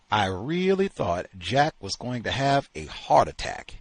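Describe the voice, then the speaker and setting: A man hosting a study session, reading a novel aloud in an expressive, dramatic storytelling manner. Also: medium pitch, unhurried, gravelly, few pauses, no echo.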